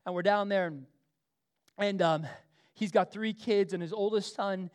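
A middle-aged man preaching a sermon, swinging between loud emphasis and soft, conversational asides, often repeating himself as he goes. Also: high-pitched, measured pace, clear, resonant tone. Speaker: pastor.

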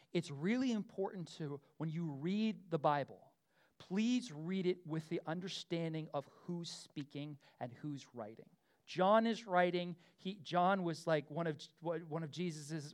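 A middle-aged man preaching a casual, animated sermon, full of asides, fillers and quick questions to the room. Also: a little high. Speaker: pastor.

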